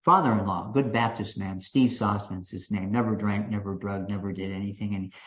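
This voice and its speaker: A man's voice: lowish voice, steady tone, brisk, a bit bright. Older Kentucky man telling a folksy story. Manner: folksy storytelling with frequent restarts and fillers. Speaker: recovery meeting speaker. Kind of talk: personal recovery talk to a meeting. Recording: dull lo-fi meeting recording.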